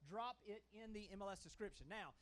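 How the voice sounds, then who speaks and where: High-voiced man presenting on stage. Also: fast talker, a bit bright, slight background noise. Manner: folksy, emphatic, keeps checking in with the audience. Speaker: conference panelist. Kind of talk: conference presentation. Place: conference hall stage. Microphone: handheld microphone.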